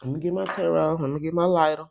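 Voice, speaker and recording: A man with a fairly high voice gives a relaxed, chatty tarot reading at home. He swears now and then and drops "okay?" after nearly every line. He slows right down to stretch out his repeated questions to Spirit as he shuffles the cards. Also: gravelly, lo-fi sound, a little hiss or hum. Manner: chatty, tags lines with "okay?" and "y'all"; salty, swears casually. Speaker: tarot reader. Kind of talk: casual tarot reading to camera.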